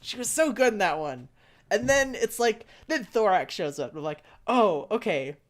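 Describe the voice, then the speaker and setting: Excitable young man rambling about a cartoon. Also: high voice, normal speed. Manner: excitable, rambling, heavy on fillers. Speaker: podcast co-host. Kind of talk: casual fan discussion.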